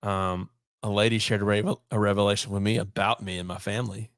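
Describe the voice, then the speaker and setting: A man's voice: fairly low pitch, flat delivery, fast, fairly bright tone, no room sound, clean studio sound. A man, a podcast guest telling a long personal story in casual talk, acting out bits of dialogue along the way. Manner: long anecdote with quoted dialogue and many restarts.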